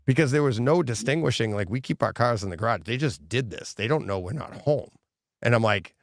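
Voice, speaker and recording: A man's voice: mid-range voice, fairly quick, dry recording, clean studio sound. A middle-aged man co-hosting a podcast in casual chat, telling stories with lots of laughter and acted-out quotes. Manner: animated storyteller, laughs often, acts out quotes. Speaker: podcast co-host.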